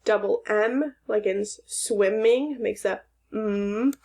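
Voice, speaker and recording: A woman teaching a phonics and punctuation lesson to young children, speaking slowly and clearly, asking questions and praising answers. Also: medium pitch, dark tone.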